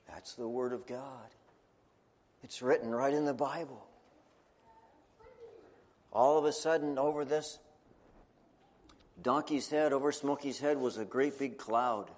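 A man preaching a children's sermon as a story, chatty and animated, asking his listeners questions. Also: mid-range voice, measured pace, long pauses, big-room sound.

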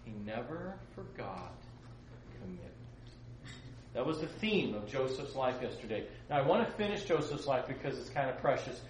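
A man's voice: medium pitch, moderate pace, slight background noise. A man teaching a casual Bible class, retelling the story with jokes and asides to his students. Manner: joking, lively storytelling with asides. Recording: echoey room.

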